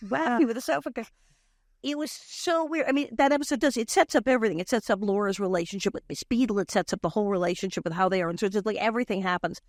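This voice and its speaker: An older woman, a guest on a podcast, telling lively stories about her past and acting out voices as she quotes people, often laughing. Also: mid-range voice, fast talker, no echo, studio quality. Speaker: guest, former child actress. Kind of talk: casual podcast storytelling.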